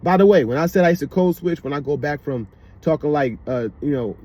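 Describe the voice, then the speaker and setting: Slightly high and expressive, this man's voice moves fairly quickly as he offers loose, rambling remarks in a DC-area accent. Fillers come up again and again, along with frequent checks of "you know what I mean," and a car roars by outside.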